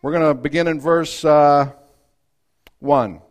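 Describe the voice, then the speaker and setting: A man preaching a sermon, reading scripture and acting out its voices, swinging from loud outbursts to hushed asides. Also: on the high side, steady tone, takes it slowly.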